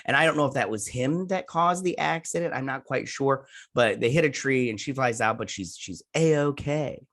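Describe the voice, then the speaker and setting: A man's voice: mid-range voice, moderate pace, fairly bright tone. A man in a mid-range voice hosts a casual TV episode review, rambling and chatty, with lots of filler words and restarts. He is talking through a sore throat. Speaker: YouTube TV review host.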